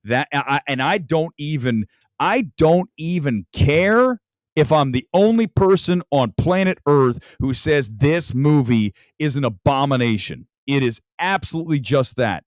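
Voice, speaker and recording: A man's voice: fairly high pitch, lively intonation, measured pace, no room sound. A man hosting a live late-night movie talk show from home, ranting furiously and emphatically. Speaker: film critic host.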